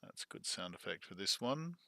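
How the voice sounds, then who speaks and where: A man's voice: low voice, big pitch swings, fairly quick, vocal fry, pushed and bright. A man casually commenting while editing an audiobook, chatty and joking, greeting viewers in chat. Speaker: audiobook producer. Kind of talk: casual behind-the-scenes commentary.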